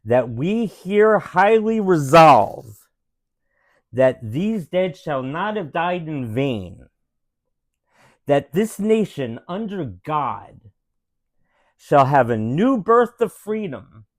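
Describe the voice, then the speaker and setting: A parent putting on the voice of a solemn 1860s statesman, reading a famous speech slowly and gravely with long pauses. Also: mid-range voice, big pitch swings, dry recording. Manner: slow, grave, with drawn-out pauses. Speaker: parent reading aloud to children.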